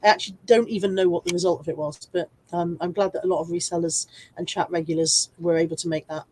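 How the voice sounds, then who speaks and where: A woman's voice: on the low side, fairly even intonation, quick pace, warm tone, slightly rough. A woman hosting a casual live stream while full of a cold, chatting, rambling and poking fun at herself as she greets viewers by name. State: congested with a cold, coughing.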